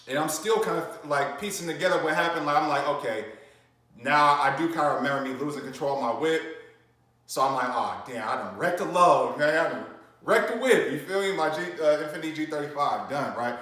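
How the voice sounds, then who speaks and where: A man's voice: a little high, a bit bright, recorded from a distance. A man casually telling his own story in a slangy, rambling way, with lots of fillers and restarts. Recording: very echoey room.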